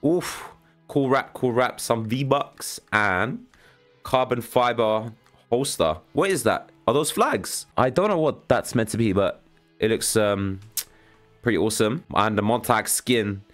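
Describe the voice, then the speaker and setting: A young man giving casual, excitable commentary as he reacts to a video game, with a slangy, chatty way of talking. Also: medium pitch, a little slow, soft background music. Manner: casual, excitable, slangy, says "bro" a lot. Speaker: gaming channel host.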